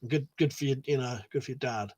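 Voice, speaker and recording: This livestream host from the UK has a medium-pitched, steady voice that's a bit fast, darkish and husky. He reads out messages from viewers and banters with them like a mate, cursing without restraint.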